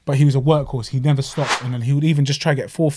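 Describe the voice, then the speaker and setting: A young man, co-hosting a casual podcast chat in slangy, animated bursts with frequent restarts. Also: medium pitch, racing, background noise. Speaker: podcast co-host.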